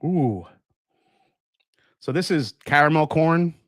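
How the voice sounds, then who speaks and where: A man's voice: on the high side, expressive, takes it slowly, a bit bright, no echo, studio quality. A man hosting a live stream, chatting casually, reading viewer comments and tasting, with many fillers and restarts. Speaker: livestream host tasting whiskey.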